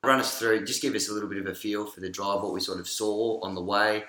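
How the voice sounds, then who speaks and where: A man's voice: lowish voice, steady tone, fast, bright, forceful tone, reverberant. A young Australian man hosting a casual podcast, joking in a mock-serious sports-presenter patter. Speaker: podcast host.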